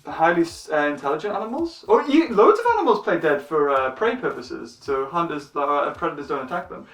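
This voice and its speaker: Excitable man in an echoey room. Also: fairly high pitch, fast talker. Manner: excitable, stumbling over words. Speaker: channel host. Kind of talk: casual movie review chat. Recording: echoey room, mic at a distance.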